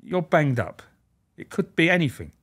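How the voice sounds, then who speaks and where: Swearing ex-prison officer. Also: male voice, a little high, moderate pace, slightly rough. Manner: animated, acts out quoted voices. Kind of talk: candid storytelling, swearing.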